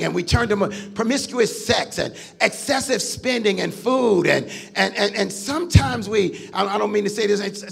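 High-pitched, gravelly man preaching. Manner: shouting, sing-song preaching with call and response. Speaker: pastor. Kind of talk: sermon.

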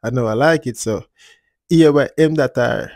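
A man's voice: mid-range voice, moderate pace, background noise. A man hosting a casual commentary vlog, talking in a laid-back, drifting way and often tagging on "you see me". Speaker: channel host and commentator.

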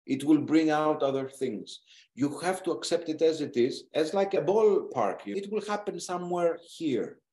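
Man, therapist, direct, animated, occasional swearing, roomy echo. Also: a little high, moderate pace. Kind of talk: therapy session talk. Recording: echoey room.

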